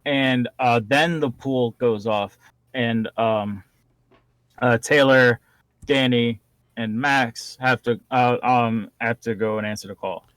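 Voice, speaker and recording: Jokey man co-host, laughs a lot, halting fillers, dry close mic. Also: medium pitch, fairly even intonation, fairly bright tone, no echo. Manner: jokey, laughs often, hesitant with many fillers. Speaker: podcast co-host. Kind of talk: casual recap chat.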